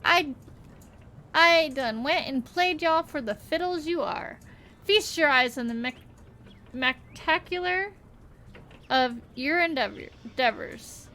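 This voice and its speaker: A woman's voice: high-pitched, expressive, takes it slowly, pauses often, sharp tone, heavily acted. A woman voicing a boastful, scheming male rancher in a put-on rural Southern drawl, full of folksy theatrics. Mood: gloating.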